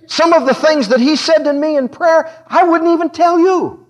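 A man's voice: very high-pitched, normal speed. A man preaching a sermon in a church service, talking frank and conversational, breaking into laughter as he speaks.

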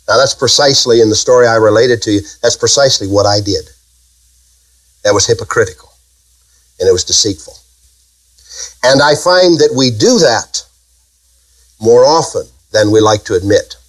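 A man's voice: mid-range voice, expressive, moderate pace, pauses often, rough recording. A man preaching a sermon, emphatic and full of rhetorical questions to his congregation.

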